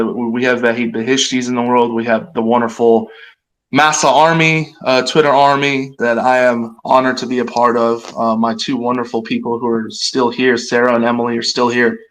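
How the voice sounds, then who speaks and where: A man's voice: mid-range voice, a bit bright, poor audio. A man hosting a live audio chat room, talking bluntly and passionately with frequent restarts. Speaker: host.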